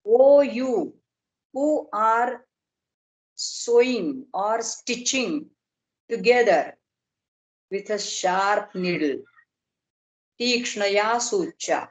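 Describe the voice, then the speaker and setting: Middle-aged woman teaching over a video call, slow careful explaining, average pitch. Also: expressive, low-quality recording. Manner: measured, explanatory, slow on terms. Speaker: lecturer. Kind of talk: online academic lecture.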